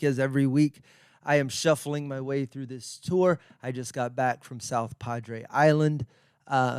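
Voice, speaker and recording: A man from Texas hosts his own podcast, musing aloud in a loose, rambling way and tossing in wry jokes at his own expense. His voice is smooth and resonant, and it sits in an ordinary middle register. The sound is close and dry, with no room in it. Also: medium pitch, no echo. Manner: wry, conversational, self-deprecating asides. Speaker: podcast host. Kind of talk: casual rambling monologue.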